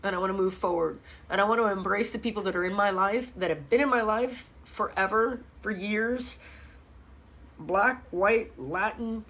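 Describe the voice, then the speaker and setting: A woman's voice: medium pitch, moderate pace, a bit bright. A middle-aged woman from hosts a live-stream chat, talking bluntly, swearing often and ranting with strong feeling. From Miami, USA. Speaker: fitness host.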